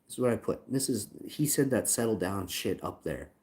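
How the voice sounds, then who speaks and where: Speaking fairly quickly with an expressive, lowish and slightly mellow voice, a channel owner vents on his livestream about a support chat. He swears, repeats himself and reads lines from the chat aloud.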